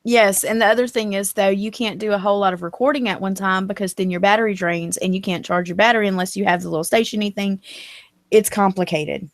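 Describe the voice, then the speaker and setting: A woman with a Southern US accent, co-hosting a live stream in chatty talk that turns animated when she quotes people. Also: mid-range voice, fast, no room sound. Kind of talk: casual live-stream chat.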